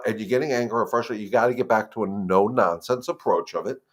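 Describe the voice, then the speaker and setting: Talking fast with hardly a pause, a lowish-voiced man runs a live dog-training Q&A, offering casual advice straight to viewers. He calls them "guys," repeats words, and turns firm and emphatic on the rules.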